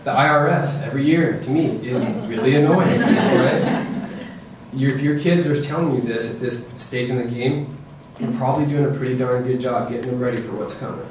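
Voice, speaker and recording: A man giving a lively, joking parenting talk to an audience, often checking in with "okay?" and "right?". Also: mid-range voice, normal speed, distant mic, background noise. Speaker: presenter to parents. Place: presentation room with audience. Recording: echoey room, voice from afar.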